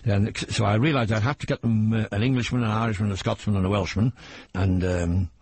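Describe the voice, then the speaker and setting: A man's voice: lowish voice, fairly even intonation, fast talker, darkish tone, husky, dry recording. Older man, jokey storyteller on old radio. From England. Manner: jokey storyteller, slips into impressions of regional voices. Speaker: comedian guest. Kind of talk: anecdotal interview chat. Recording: old radio broadcast recording.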